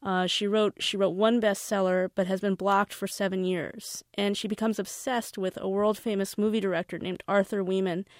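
A woman's voice: medium pitch, a little mellow, no room sound, studio quality. A woman, the author, introducing and reading aloud from her own novel in a wry first-person voice.

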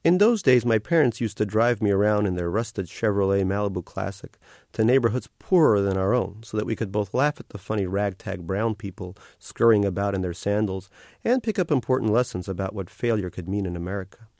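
Author reading his fiction: wry, deadpan male narrator, very dry close sound. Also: on the low side, fairly quick, dry recording. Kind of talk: literary reading.

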